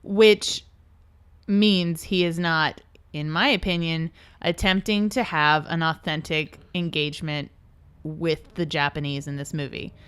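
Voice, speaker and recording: A woman co-hosting a podcast, critiquing a film in an animated, opinionated way. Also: measured pace, clear, resonant tone. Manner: animated, opinionated, pitch jumps up when emphatic. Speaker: podcast co-host. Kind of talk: casual film discussion.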